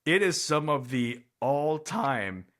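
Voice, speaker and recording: A man co-hosting a casual movie review chat, speaking in a thoughtful, hedging way with frequent pauses and fillers. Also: fairly high pitch, big pitch swings, fairly bright tone. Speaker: podcast co-host.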